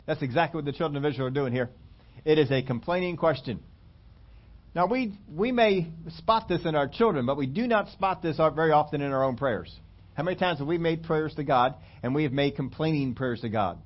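A man preaching a sermon acts out whiny, complaining questions, then drops low and slows down for emphasis. The sermon recording sounds dull and lo-fi.

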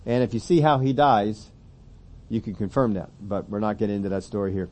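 A man's voice: lowish voice, a little fast, a little mellow. A man preaching a conversational sermon, reading scripture aloud and rising to emphatic questions.

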